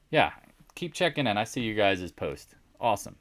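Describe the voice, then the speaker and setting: A man hosting a casual live stock market recap, animated and sarcastic, often teasing imagined viewers. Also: fairly low pitch, normal speed, no room sound, clean studio sound.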